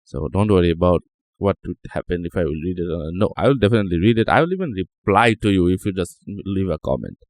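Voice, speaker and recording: Casual tech host, male, lower-pitched but animated, jokey running commentary, dry close sound. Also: fast, no room sound. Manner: joking, chatty, reacts aloud to the screen. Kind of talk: casual screen-recording commentary.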